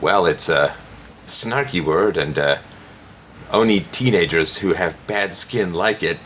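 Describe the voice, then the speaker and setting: Middle-aged male host, low-pitched, sardonic article rebuttal with mocking swoops. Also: measured pace, a bit bright, slight background noise. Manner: mocking, theatrical jumps in pitch when scoffing. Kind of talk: sarcastic commentary on a read-aloud article.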